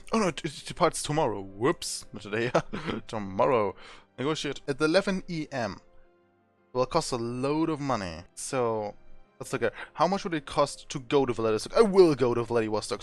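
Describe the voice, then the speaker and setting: A man hosting a gameplay video, reading the game's text aloud and joking and laughing along as he plays. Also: mid-range voice. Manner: playful, laughing, swears casually. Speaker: let's play host.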